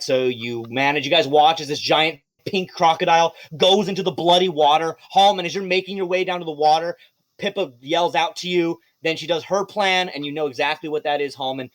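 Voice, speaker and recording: Animated, swearing game master man. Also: on the high side, fairly quick. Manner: animated, swearing, breaks into laughs. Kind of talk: narrating a live tabletop game.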